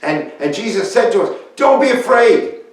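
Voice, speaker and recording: A man speaking as the fisherman Peter, telling his story in a plain, folksy and halting way. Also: sits high, expressive, pitched above the performer's own voice. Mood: storytelling. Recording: echoey room, voice picked up from far off.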